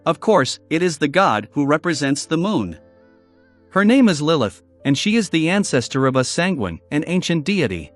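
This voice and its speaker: A man's voice: fairly high pitch, sing-song, moderate pace, soft background music. A man reading the lines of a proud young male vampire who sounds despondent.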